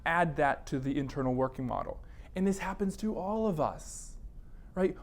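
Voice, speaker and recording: A man lecturing a counseling class in a classroom. His voice sits somewhat high for a man, and he keeps things conversational, slipping into quoted inner thoughts as he explains. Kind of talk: university lecture.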